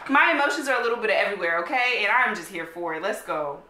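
An American woman hosting a reaction vlog, chatting casually, gushing and excitable with lots of slang. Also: medium pitch, fast talker. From United States. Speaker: reaction video host. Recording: echoey room. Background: faint music playing.

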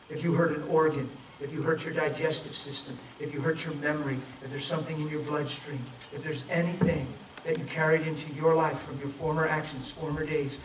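Guy preaching in an echoey hall, mic kinda far off, voice a bit high, tells stories n acts out the voices. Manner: storytelling, acts out quoted voices, urgent then soft pleading. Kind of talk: sermon with altar call. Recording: echoey, from far off, faint noise.

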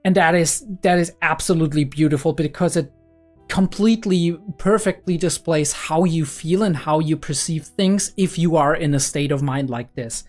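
Young woman, deep register, rambly reaction host who swears often, soft music underneath. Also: normal speed. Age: young adult. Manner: excitable, rambling, swears freely. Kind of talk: casual reaction commentary.

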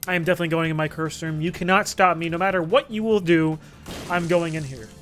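A young man giving excitable, jokey let's play commentary, swearing freely and breaking into sudden shouts. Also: on the high side, fast, soft background music. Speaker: gaming commentator.

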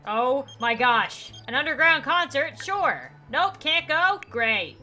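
A young woman giving casual gameplay commentary, excitable, with quick exclamations and laughter. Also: sits high, soft background music. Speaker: gaming YouTuber.

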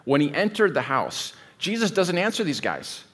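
A man's voice: fairly high pitch, sing-song, moderate pace, a bit bright, slightly rough. A man preaching a sermon as pastor, in a conversational, digressive way, often stopping to rethink a sentence. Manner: conversational, digressive, thinks aloud mid-sentence.

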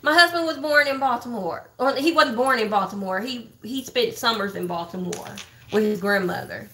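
Woman ranting on her livestream, bright high-ish voice, cussing and spilling tea to chat. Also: moderate pace. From Texas. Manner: blunt, profane, gossipy, talks straight to viewers. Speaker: livestream host reacting to online drama. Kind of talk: casual livestream commentary.

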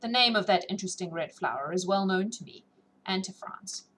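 A woman reading the part of a sly male French agent in a classic novel audiobook, smooth and sardonic. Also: medium pitch, animated, brisk, fairly bright tone.

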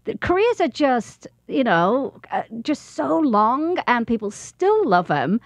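A high-voiced woman gushes about a night she worked on, laughing easily between lines. Her voice rises and falls eagerly, and it sits dry and close to the mic. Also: very animated, slow, no echo. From United Kingdom. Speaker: podcast co-host. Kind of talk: casual podcast chat.

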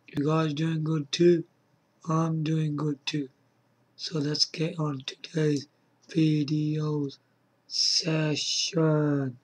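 A husky man talks in a slow, drawn-out way on his casual video, full of hype. He beatboxes between sentences and jumps up into loud, high-pitched shouts when he gets excited. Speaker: YouTuber.

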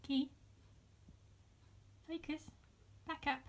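A woman's voice: high voice, fairly even intonation, drawn-out words, a little hiss or hum. A woman at home giving short, firm commands to her dog while filming, often laughing. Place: home room indoors.

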